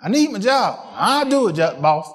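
A man preaching a sermon, asking the congregation questions and swinging from excited peaks to quiet asides. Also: moderate pace. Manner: call-and-response preaching, rising to excited peaks then dropping low.

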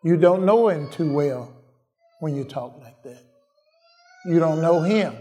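Delivering his sermon at a measured, unhurried pace, this male preacher sounds animated and mellow, with a fairly high pitch. Again and again he echoes his own lines for emphasis and checks with the congregation whether he's right.

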